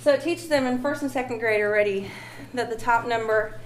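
A fairly high-voiced woman leads a music lesson with a patient, encouraging manner, now and then singing a phrase to show the beat. The room is echoey and has a faint hum of ambience behind her. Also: a little fast. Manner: patient, encouraging, sings short phrases to demonstrate. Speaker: music teacher. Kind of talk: classroom music demonstration.

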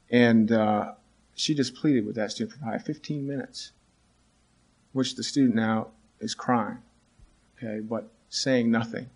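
A middle-aged man, a teacher, tells a story about his students in a voice of ordinary pitch. He speaks earnestly and haltingly, often restarting sentences. His voice lifts when he quotes the students. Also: fairly even intonation. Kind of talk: storytelling talk.

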